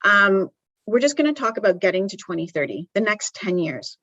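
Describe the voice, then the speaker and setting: A woman's voice: mid-range voice, very animated, brisk, fairly bright tone, no echo, highs cut off. A woman giving a live conference presentation in a conversational way, with frequent ums and restarts. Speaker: conference speaker. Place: conference venue.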